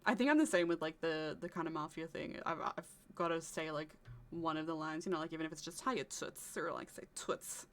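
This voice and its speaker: An Australian woman from Australia co-hosting a podcast, animated, swearing freely and laughing often. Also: sits low, fast talker. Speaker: podcast co-host, voice actor. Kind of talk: casual chat.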